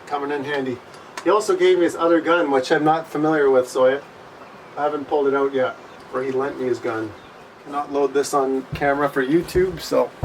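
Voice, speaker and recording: A man vlogging outdoors by his wilderness cabin, filming on a phone he holds, who shouts sharply at a bear and then mutters to himself in low asides. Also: recorded from a distance, a little hiss or hum. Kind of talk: off-the-cuff vlog narration. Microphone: phone held in hand.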